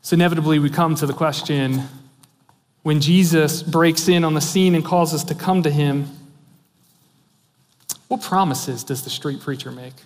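A man with a high voice preaches a sermon, earnest and emphatic. He keeps pressing his listeners with rhetorical questions. His voice rings with the long reverb of a large church hall. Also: moderate pace, long pauses. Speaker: pastor.

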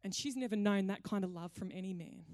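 A woman's voice: mid-range voice, quick pace, a little mellow, dry recording, clean studio sound. A woman pastor delivering a sermon in a conversational, playful storytelling way. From Australia.

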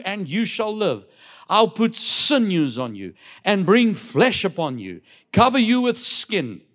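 Man, pastor, sermon, high voice, slow deliberate delivery, call-and-response. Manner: preaching with call-and-response, dramatic slow emphasis. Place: church.

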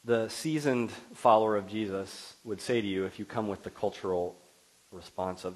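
A middle-aged man delivering a sermon as pastor, expressive and building to emphatic peaks. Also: on the low side, fairly quick, slightly rough, rough recording.

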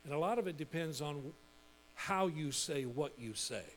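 Emphatic, fairly high-voiced male pastor. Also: moderate pace, slight background noise. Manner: lively, emphatic preaching with repetition. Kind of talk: sermon.

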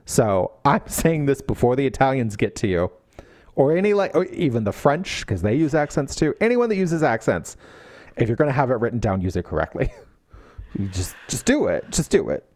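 A man in casual podcast chat, ranting with lively energy and frequent laughs. His pitch swings widely from low grumbles to high bursts. The sound is dry and close. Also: brisk, no echo. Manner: animated, ranting, laughs often. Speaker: podcast co-host.

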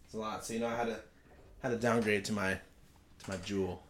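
A man's voice: fairly low pitch, steady tone, brisk, a bit bright, slight background noise. Young man, casual chat host, rambling storyteller, swears, laughs often.

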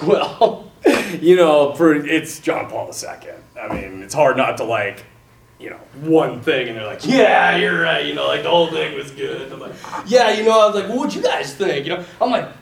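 A man telling a lively, self-mocking story to a crowd, acting out the voices of the people in it. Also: very high voice, a little hiss or hum. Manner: animated, self-mocking, acts out quoted voices. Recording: echoey room from a distance.

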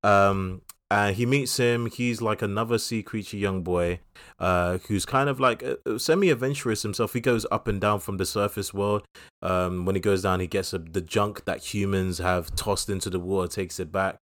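Low-voiced man rambling on a podcast. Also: steady tone, moderate pace, a bit bright. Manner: rambling, restarts often, jokey asides. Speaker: podcast co-host. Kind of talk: casual podcast film chat.

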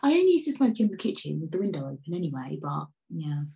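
Rambling, chatty woman, low voice. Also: big pitch swings, fast, creaky, rough recording. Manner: chatty, rambling, jumps between loud outbursts and mutters; sips tea while talking. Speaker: vlogger. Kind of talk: casual chat to camera.

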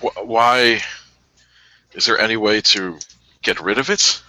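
Male player in character, formal and resolute, very bright tone, dry sound. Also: lowish voice, unhurried, dry recording, poor audio. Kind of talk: in-character tabletop role-play.

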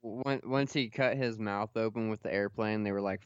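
A man's voice: fairly low pitch, fairly even intonation, normal speed, clear, resonant tone, no room sound, dull audio. A young man hosting a casual podcast, swearing and laughing as he tells stories. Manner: profane, laughing storyteller. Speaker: podcast host.

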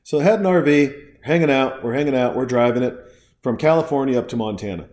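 A man's voice: mid-range voice, quick pace, darkish tone. A man hosting a podcast in an early-morning solo rant, swearing freely, rambling and restarting his sentences as he gets worked up. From United States. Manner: profane, fired-up, rambling with many restarts. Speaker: podcast host. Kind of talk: casual ranting monologue.

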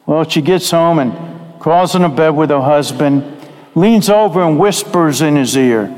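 A man preaching a sermon, telling stories in a slow, deliberate way with drawn-out phrases. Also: fairly high pitch, a little mellow, in a large hall, rough recording. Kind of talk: sermon with storytelling.

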